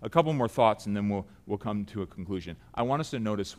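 A middle-aged man preaching a sermon, earnest and building to loud emphatic peaks. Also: lowish voice, lively intonation, fast, few pauses.

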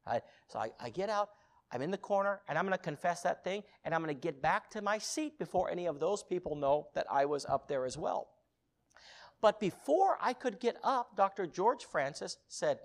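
A man's voice: a little high, lively intonation, brisk. Man preaching a dramatic sermon story. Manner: dramatic, swings from loud bursts to hushed intimate tones.

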